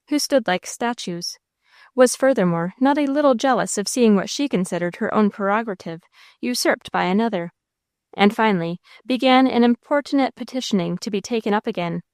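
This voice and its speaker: A woman narrator giving a measured, expressive reading of a classic novel into a close mic. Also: medium pitch, dry recording. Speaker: audiobook narrator.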